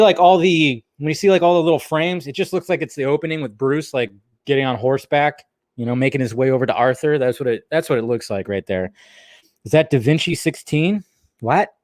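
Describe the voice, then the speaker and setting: A man rambles through a casual live stream, chatting straight to his viewers in a relaxed, unscripted way. His voice sits at a middle pitch. The sound is dry and close, with almost no room echo. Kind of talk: casual livestream chat.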